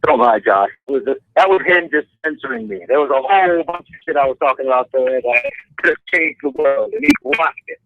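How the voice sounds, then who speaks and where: Animated, profane storytelling man. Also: mid-range voice, fairly quick, creaky, no room sound, muffled recording. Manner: animated, profane, acts out voices in stories. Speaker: tattoo artist. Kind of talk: casual podcast storytelling.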